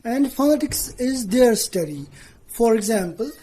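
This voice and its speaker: A woman teacher giving a lesson to students, speaking deliberately, spelling out letters and often checking in with "okay". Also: a little high, animated, warm tone, low-quality recording.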